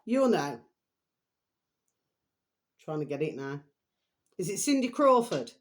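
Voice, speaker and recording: A woman's voice: lowish voice, big pitch swings, slow. A middle-aged woman, chatting unrehearsed to camera in a rambling, meandering way. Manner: rambling, keeps repeating a pet phrase to viewers. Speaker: vlogger. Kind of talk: casual unrehearsed chat to camera.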